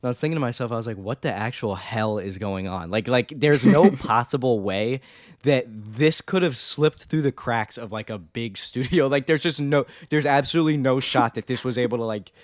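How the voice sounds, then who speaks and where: A man's voice: mid-range voice, moderate pace, no room sound, clean studio sound. A young man co-hosting a movie review show, chatting casually and animatedly about a film's flaws. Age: young adult. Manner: animated, jokey, talks over others. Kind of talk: casual chat.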